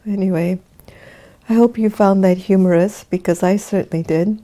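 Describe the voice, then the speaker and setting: A woman spiritual teacher who talks chattily to her audience and then turns to slow, calm teaching about dreams and meditation. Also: mid-range voice. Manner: chatty storytelling that slows into calm, unhurried teaching; addresses her audience directly, inviting them to share and take part. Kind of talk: casual talk and meditation teaching.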